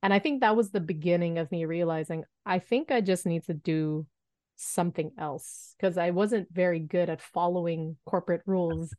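A woman in her thirties telling a story as a podcast guest, animated and acting out the voices she quotes. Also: fairly low pitch, moderate pace, no room sound, studio quality. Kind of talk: storytelling in an interview.

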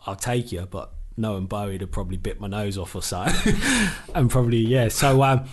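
A former footballer from England, a podcast guest telling a story in casual chat, animated and swearing freely as he acts out what was said. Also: lowish voice, fairly quick, slight background noise.

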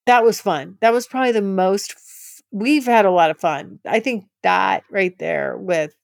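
A woman hosting a candid podcast talks through a personal story, laughing often and gushing openly. Her mid-pitched voice slips into a gravelly fry. The sound is close and dry, with no room around it. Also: unhurried, no room sound. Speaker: podcast host.

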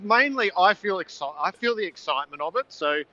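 An NFL commentator phones in from his stadium broadcast position, vividly narrating the build-up to the game like a story. His high voice is animated, fairly quick, pushed and bright, and the sound is lo-fi.

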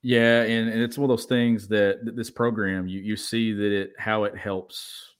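A man's voice: on the low side, little pitch movement, measured pace, clean tone. A man co-hosting a podcast, speaking in a plain, matter-of-fact way. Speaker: podcast co-host. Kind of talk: casual interview.

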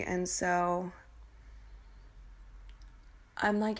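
Gravelly young woman telling a raw story. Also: lowish voice, fairly even intonation. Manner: candid, emotional, swears freely, halting restarts. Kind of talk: personal storytelling to camera.

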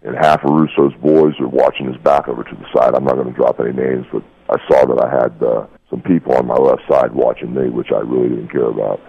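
Deep, husky middle-aged man heard over a tinny phone line. He tells his story in a heated, profane rush, dropping "brother" as he goes. The voice sits very low and rough. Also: fairly even intonation, brisk, hardly any pauses. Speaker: guest. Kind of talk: casual phone interview.

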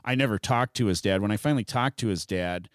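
A comedian telling a profane, animated story in a casual podcast chat. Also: male voice, fairly low pitch, quick pace, dry recording, studio quality.

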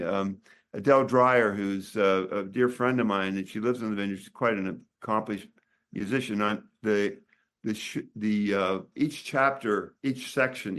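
Older man, lowish voice, chatty and halting, a doctor telling stories about his book. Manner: rambling, halting, many restarts. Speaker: author and doctor. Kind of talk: casual interview chat.

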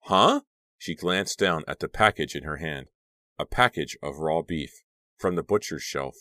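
A man narrating a young-adult horror audiobook in an even, measured reading. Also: rumbling low, no echo, clean studio sound.

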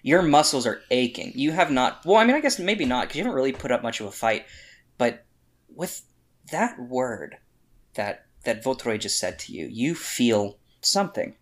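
A man narrating as game master of a tabletop role-playing game, animated and loud at times, cursing casually. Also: medium pitch, moderate pace.

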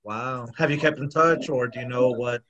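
A man from West Texas, hosting a podcast and asking questions in a halting way, full of fillers. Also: mid-range voice, steady tone, dull audio, crowd noise. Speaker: podcast host.

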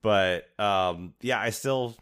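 A man hosting a casual chat, relaxed and halting, with restarts and laughs. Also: fairly low pitch, clear, resonant tone. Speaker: host.

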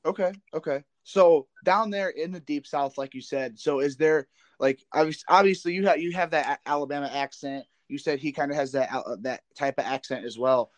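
A man's voice: on the high side, moderate pace, dry recording. A man from the Midwest hosting a podcast, asking long rambling questions with many repeats and restarts. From American Midwest. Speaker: podcast host. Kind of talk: casual interview questions.

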